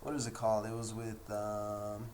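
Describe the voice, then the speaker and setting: A man's voice: on the low side, monotone, moderate pace, darkish tone, a little hiss or hum. A young man with an American accent hosting a casual solo podcast, telling stories in a loose, rambling way. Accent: American English. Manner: loose and rambling, acts out quoted people in raised voices. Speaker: podcast host.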